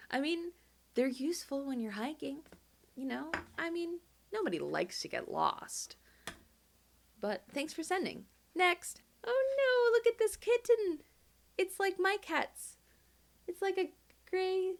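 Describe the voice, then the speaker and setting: A woman chatting casually as she reads out viewer postcards, animated and quick to jump up in pitch with delight. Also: vocal fry. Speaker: video creator reading fan mail. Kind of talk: casual chat, reading postcards aloud.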